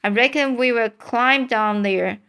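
A woman voicing Huck, a timid and superstitious boy, read in a halting storybook manner. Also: a little high, a bit bright, clean tone. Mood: worried. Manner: halting reading with restarts.

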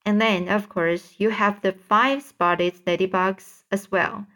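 A woman voicing a proud, gently snobbish female ladybug in a read-aloud storybook, measured and faintly haughty. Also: medium pitch, steady tone, natural voice. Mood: prim.

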